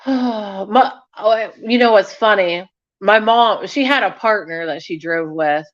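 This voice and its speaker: On a casual livestream, a woman chats with her viewers, reading their comments and rambling through stories with lots of fillers and restarts. Her voice sits in the mid-range, she takes her time, and the sound is lo-fi.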